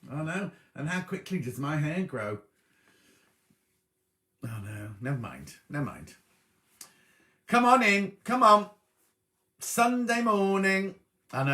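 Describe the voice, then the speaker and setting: A man's voice: a little high, fairly bright tone. A middle-aged man, hosting a live sewing show and chatting away as he greets viewers by name and reads out their comments. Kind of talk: casual live-stream chat, reading out viewer comments.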